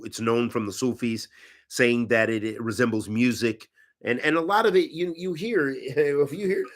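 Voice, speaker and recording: In a Q&A talk, a man with a medium-pitched voice teaches and answers religious questions. His manner is conversational and animated, and he often restarts his sentences.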